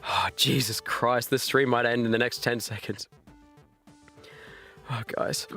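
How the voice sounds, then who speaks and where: A man in his thirties talking on a live stream with a lively, swooping delivery and a bright, forceful edge to his voice. He reacts loudly to chat and laughs often while he battles hiccups, and faint music plays behind him. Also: mid-range voice, measured pace, pauses often. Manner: animated, laughing, reacting to chat with loud exclamations.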